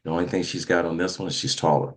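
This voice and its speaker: A man with an extremely deep voice hosts a motivational podcast. He speaks emphatically, like a preacher, often restarting his sentences. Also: fairly even intonation, fast talker. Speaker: host.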